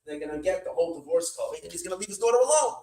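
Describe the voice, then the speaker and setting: Animated high-voiced rabbi storyteller. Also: male voice, racing, roomy sound, low-quality recording. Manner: animated, repeats words, Yiddish-laced. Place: hall at an evening gathering.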